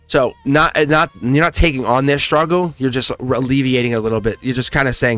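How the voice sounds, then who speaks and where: A man giving a casual, animated live tarot reading to a viewer, chatty and encouraging, with the odd swear word. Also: mid-range voice, fairly quick, hardly any pauses, faint music behind. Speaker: tarot reader.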